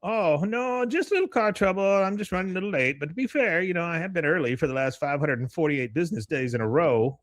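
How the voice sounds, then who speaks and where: A man putting on a high, whiny office worker. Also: expressive, fast, few pauses, dry recording, studio quality, lightly acted. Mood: anxious. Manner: high, strained, pleading. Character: stressed middle-management man, whiny, put-upon.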